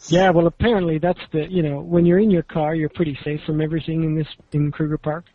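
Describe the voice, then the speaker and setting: A man's voice: on the high side, flat delivery, fast talker, narrow, tinny audio. A man co-hosting a podcast, telling a travel story in a rambling, casual way with laughs. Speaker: podcast co-host.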